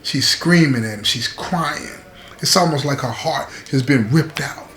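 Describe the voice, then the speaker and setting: A man's voice: medium pitch, unhurried, fairly bright tone, reverberant, slight background noise. A man hosting his show, telling a prison story in a streetwise, conversational way and often checking in with the listener. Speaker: host. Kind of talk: storytelling to camera.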